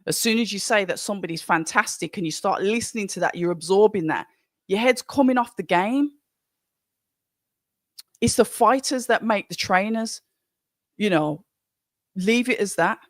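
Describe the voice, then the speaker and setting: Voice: mid-range voice, moderate pace, pauses often, dry recording, clean studio sound. A streamer with a Birmingham accent hosting a live boxing watch-along, chatting casually and reading viewer comments aloud in a rambling style with frequent restarts. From Birmingham, England.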